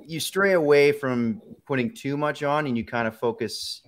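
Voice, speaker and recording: A man's voice: mid-range voice, moderate pace. A male voice actor guest answering in a jokey, rambling way on a video call, laughing at himself. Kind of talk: casual interview answer.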